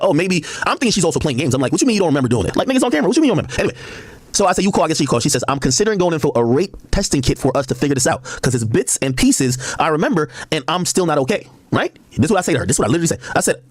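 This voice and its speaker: On a heated livestream, a streamer reads text messages aloud at a racing clip in a husky, dry-sounding voice, his pitch swinging widely. He cuts into the quotes with blunt asides, and the recording itself is dry.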